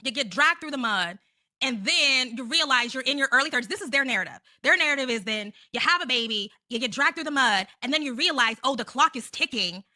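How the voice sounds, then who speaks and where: A woman's voice: high voice, expressive, fairly quick, bright, forceful tone. A woman in her thirties, scolding and sarcastic, commenting on other women. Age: 30s.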